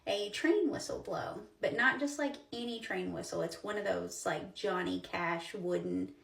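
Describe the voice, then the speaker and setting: A woman's voice: medium pitch, a little slow, vocal fry, a bit bright, breathy edge, no echo. A woman in her forties telling a personal story in a chatty, emotional way, with lots of fillers. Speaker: storyteller host.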